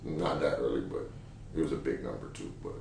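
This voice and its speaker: A man co-hosting a candid couple's chat, relaxed and slangy, laughing easily. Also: very deep voice, a little fast, gravelly. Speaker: podcast co-host. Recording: very echoey room, distant mic, faint noise.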